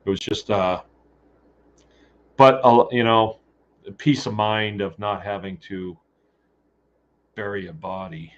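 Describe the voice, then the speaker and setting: A man hosts a casual talk show in a low voice, joking and blunt as he rambles from topic to topic. The recording sounds dull and lo-fi. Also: steady tone, slow pace, pauses often. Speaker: host.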